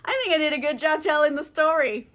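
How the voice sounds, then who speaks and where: A woman's voice: high-pitched, fast talker, fairly bright tone. A tipsy woman retelling a classic book as a casual comedic recap, rambling, swearing and giggling. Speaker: book vlogger.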